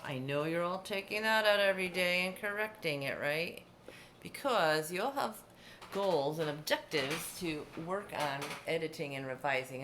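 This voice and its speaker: A woman's voice: low-pitched, bright, forceful tone. A middle-aged woman teacher giving a distance-learning lesson, patiently explaining step by step with examples. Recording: echoey room, faint background hum.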